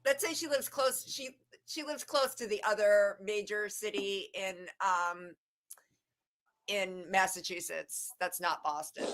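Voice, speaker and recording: Bright-voiced woman on a chatty panel. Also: mid-range voice, measured pace. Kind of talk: casual live-stream chat.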